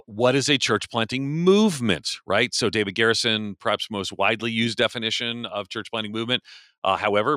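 Man, podcast host, casual chat, bright tone, dry mic, animated, self-correcting. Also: lowish voice, no echo.

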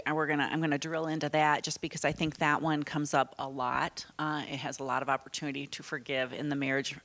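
A woman's voice: sits low, a bit bright. A woman co-presenting a marriage talk at church, earnest and reflective, often correcting herself as she goes. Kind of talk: conversational sermon teaching.

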